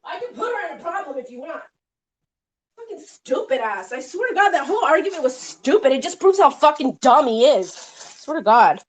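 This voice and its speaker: A woman with a notably high voice delivers a heated, profanity-laced rant on her live stream. She talks in rapid bursts of complaint, calling out a rival with no pause for calm. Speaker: livestream host.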